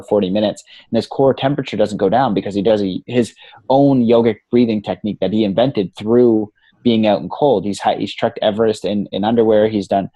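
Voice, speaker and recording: A man with a lowish, dark voice guests on a podcast as a coach, recorded with no room sound. His casual interview talk is animated, full of free swearing and plenty of "man" and "you know."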